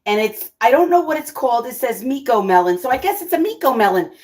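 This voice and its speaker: A woman hosting her own cooking vlog, chatting casually with viewers, excitable and always exclaiming and laughing. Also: a little high, fast talker. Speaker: cooking vlogger and channel host.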